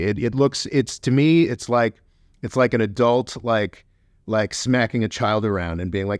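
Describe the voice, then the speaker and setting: A man co-hosting a podcast in casual political chat, animated and heated, mocking others in quick put-on voices. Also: fairly low pitch, no echo, clean studio sound. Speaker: podcast co-host.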